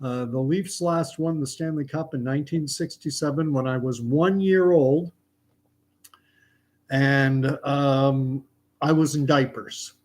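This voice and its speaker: A man's voice: mid-range voice, fairly even intonation, slow, a little mellow. Canadian man in his fifties telling jokes. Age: 50s. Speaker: joke teller. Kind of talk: casual joke telling.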